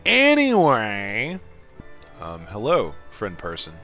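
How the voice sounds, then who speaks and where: A man's voice: lowish voice, takes it slowly, faint music behind. A man giving casual, giggly commentary as he plays a story game. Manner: giggly and animated. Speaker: gaming video creator.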